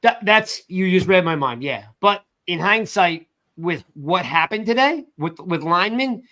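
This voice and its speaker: An animated man hosts a casual sports talk stream, reading out names from the chat between points. His voice sits high and sounds bright and forceful. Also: measured pace. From South Jersey. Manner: animated, reads chat shout-outs. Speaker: podcast host.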